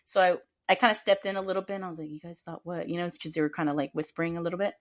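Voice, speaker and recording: A woman co-hosting a podcast, telling a work story in casual chat, animated and acting out quoted voices with frequent laughter. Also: on the low side, very fast. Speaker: podcast co-host.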